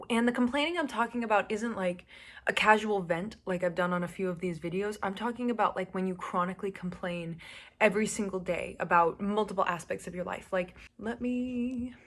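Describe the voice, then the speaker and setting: Brief: fiery woman vlogger, blunt and profane, mid-pitched voice, moves between hushed asides and emphatic pushes. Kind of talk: casual direct-to-camera monologue.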